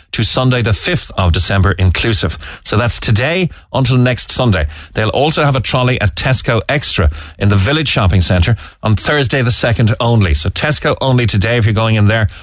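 Earnest Cork radio presenter, low voice. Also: male voice, dry recording. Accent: Irish, Cork. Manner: earnest, with frequent "uh" fillers and restarts. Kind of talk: talk radio presenting, reading out listener texts. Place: radio studio. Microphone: studio microphone.

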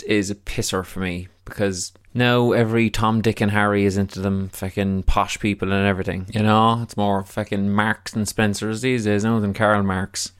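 An Irish man hosting a podcast, talking in a loose, self-mocking ramble with plenty of swearing. His voice sits a little on the low side. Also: smooth. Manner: chatty, self-deprecating, swears freely. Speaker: podcast host. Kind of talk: casual podcast intro and interview.

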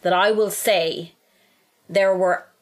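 A woman's voice: on the low side, steady tone, takes it slowly. A woman with an Irish accent, co-hosting a casual chat and talking heatedly, swearing and acting out what others say. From Ireland. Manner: heated, swearing, acts out quotes.

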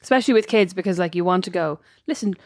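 A woman's voice: on the low side, racing, no echo, studio quality. A woman co-hosting a casual chat podcast, talking things through with lots of "like" and "you know". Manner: reflective, talks things through with many fillers. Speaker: podcast co-host.

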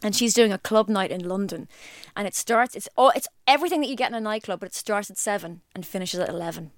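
A woman's voice: mid-range voice, no echo, clean studio sound. A woman in her thirties hosting a podcast, teasing her co-host and piling up examples in casual chat. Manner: teasing, quick-witted, runs lists of examples.

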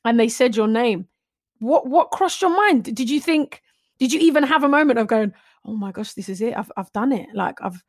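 A woman hosts a podcast chat with a slightly high voice, reacting eagerly and asking warm, probing questions. She laughs readily between her lines. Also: lively intonation, moderate pace. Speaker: podcast host. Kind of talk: interview chat.

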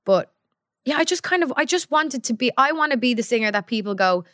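A woman's voice: high voice, lively intonation, brisk, a bit bright, dry recording, studio quality. A woman, chatting as a guest singer and acting out her own past thoughts. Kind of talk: casual chat.

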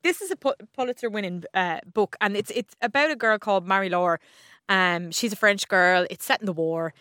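A woman's voice: medium pitch, a little fast, bright, forceful tone, clear, resonant tone, no room sound, studio quality. An Irish woman chatting casually on the radio as a TV reviewer, laughing often and restarting her sentences. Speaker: TV and film reviewer.

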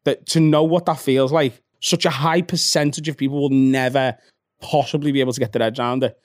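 Recorded dry and up close with no room sound, this Liverpool-born comedian in his thirties speaks in a middling pitch with a Scouse accent. Guesting on a podcast, he chats casually, racing through sweary, animated anecdotes and acting out small scenes.

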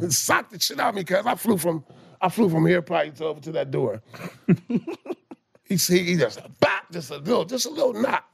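Gravelly, husky man telling rough stories. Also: on the high side, normal speed. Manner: profane, animated, stammering restarts, slang-heavy. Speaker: guest telling life stories. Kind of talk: casual storytelling chat.

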